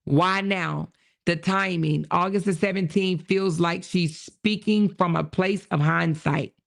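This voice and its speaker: A woman hosts a casual livestream and reads viewer comments and messages aloud. Her voice carries a gravelly fry, and she breaks in often with quick exclamations. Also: on the low side, steady tone. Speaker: livestream host.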